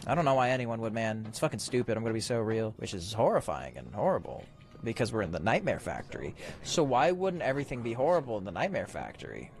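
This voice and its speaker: A man's voice: mid-range voice, sing-song, fast talker. A man giving ranting let's-play commentary, sarcastic and exasperated, swearing freely. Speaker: gaming commentator.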